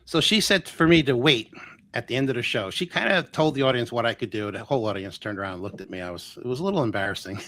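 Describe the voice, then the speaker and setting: A man talking casually as a guest on a live interview show, retelling a personal story with lots of acted-out quotes and quick restarts. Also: medium pitch. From Florida. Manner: animated, acts out quoted voices, restarts often. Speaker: guest healer.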